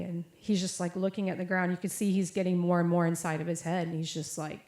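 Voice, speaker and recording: A woman's voice: on the low side, fast talker, hardly any pauses. A young adult woman preaching a sermon, telling a personal story in a casual way with lots of fillers and quoted voices. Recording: echoey room.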